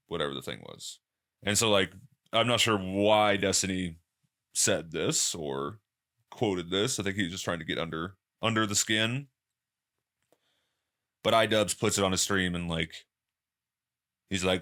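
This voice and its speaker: A man's voice: normal speed, pauses often, a bit bright. A man hosting a podcast, talking casually and rambling through stories. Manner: loose, rambling, quotes people in exaggerated high voices. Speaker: podcast host. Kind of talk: casual solo commentary.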